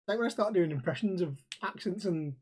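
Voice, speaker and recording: Teasing husky-voiced man. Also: high voice, lively intonation, fairly quick. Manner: teasing, unfiltered, laughs often. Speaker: podcast host. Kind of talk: casual banter.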